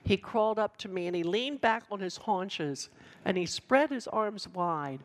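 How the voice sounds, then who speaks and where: A woman giving a passionate sermon to students, emphatic and with dramatic pauses. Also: mid-range voice, lively intonation. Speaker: speaker addressing students.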